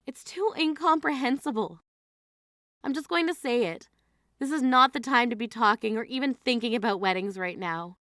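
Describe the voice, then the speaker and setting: A stern, indignant grieving sister, played by a woman in a dramatized text-message story, scolding with a high, bright, sharp-edged voice. The recording is dry and close, with no room sound. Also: normal speed, no echo, lightly acted. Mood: exasperated. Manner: scolding, exasperated.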